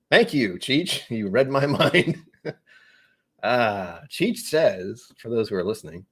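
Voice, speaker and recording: A man hosts a live whiskey tasting stream, chatting casually, rambling, and poking fun at himself as he reads viewer comments aloud. His mid-range voice is expressive, with a breathy edge and a normal speaking speed.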